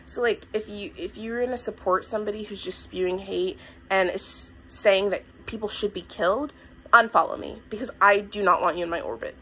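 A woman's voice: mid-range voice, fairly quick, fairly bright tone, slight background noise. A woman vlogger from the United States talking straight to her camera, blunt and impassioned, at times tearful. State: tearful, crying. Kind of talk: emotional talk to camera. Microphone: phone or camera mic.

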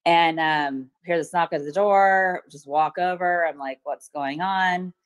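A middle-aged woman testifying at a court hearing over a video call, retelling events hesitantly with many pauses and ums. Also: lowish voice, smooth. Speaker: witness testifying at a protective order hearing.

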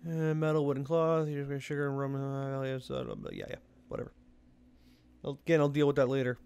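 A man's voice: mid-range voice, animated, brisk, vocal fry, darkish tone, clear, resonant tone. A young man giving casual let's-play commentary, rambling and mocking himself as he goes. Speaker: gaming video host.

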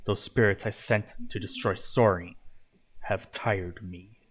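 A man voicing a stern, weary old male mentor god who speaks slowly and gravely. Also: fairly low pitch, steady tone, pitched below the performer's own voice.

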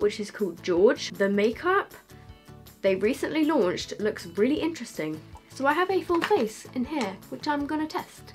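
A young woman with a slight lisp, chatting casually to camera as a beauty vlogger, with lots of fillers. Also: fairly high pitch.

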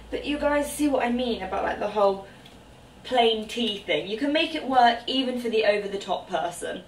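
A woman's voice: fairly high pitch, fairly bright tone, a little hiss or hum. Bubbly woman, roomy and distant. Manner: bubbly, chatty, exclaiming. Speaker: fashion vlogger. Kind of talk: try-on haul chat.

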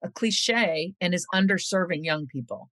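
A woman's voice: on the low side, moderate pace, dry recording. Earnest woman author, dry close sound. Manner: earnest and animated, reads with a storyteller's cadence. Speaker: author and guest. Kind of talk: conversational interview, reading a passage aloud.

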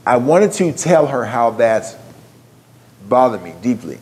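A man's voice: medium pitch, big pitch swings, a little slow, darkish tone. A man giving a keynote talk, telling a story in a conversational way and putting questions to a live audience. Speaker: keynote speaker.

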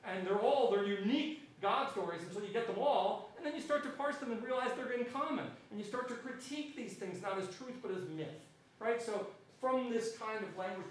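A man with a New Zealand accent gives an animated public history lecture, keeps checking in with "right?", and talks in a fairly high voice. He is recorded from across a lecture hall with heavy echo and a faint hiss underneath. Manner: animated, frequent "right?" tag questions. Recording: echoey hall from far off.

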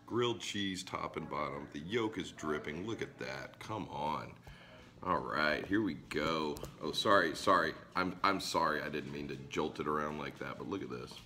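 A man, hoarse from a cold, chatting enthusiastically to viewers in a casual cooking vlog. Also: rumbling low, normal speed, bright, forceful tone. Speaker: cooking vlogger. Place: backyard grill and home kitchen.

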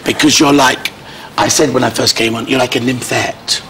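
A man hosting a chat show, his throat a little hoarse, gushing and camp as he fusses over his guest. His voice sits at an ordinary middle pitch. A faint hiss of noise runs under the recording. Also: steady tone, moderate pace, sharp tone. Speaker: TV talk show host. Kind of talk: chatty celebrity interview.

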